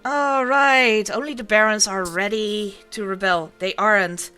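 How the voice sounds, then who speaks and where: Bright-voiced excitable woman playing a game. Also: mid-range voice, unhurried, hardly any pauses, clear, resonant tone, faint music behind. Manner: excitable, chatty, bursts into loud cheering. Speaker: gaming video creator. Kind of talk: let's play commentary.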